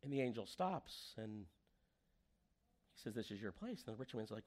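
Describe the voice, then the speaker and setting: Male pastor, sermon, animated storytelling, mid-pitched voice. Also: normal speed, pauses often, slightly rough.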